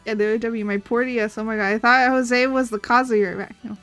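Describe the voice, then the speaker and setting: A woman's voice: a little high, fairly even intonation, brisk, a bit bright. A woman chatting casually on her art livestream, rambling and giggling as she retells stories. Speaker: streaming artist. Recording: faint background music.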